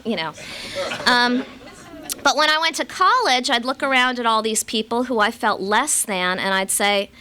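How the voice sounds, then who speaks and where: Woman from Los Angeles, recovery meeting speaker; wry, self-deprecating storyteller with a bright, slightly high voice. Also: normal speed. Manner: wry, self-mocking humor. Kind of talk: personal storytelling talk to a live audience.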